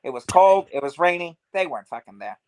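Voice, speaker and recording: A man doing a profane old baseball fan with a thick Boston accent, his voice pushed noticeably higher and louder than usual as he rants, blunt and dismissive, swearing through every sentence. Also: animated, fast, lightly acted. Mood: gruff ranting. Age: older. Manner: gruff, swearing, dismissive rant.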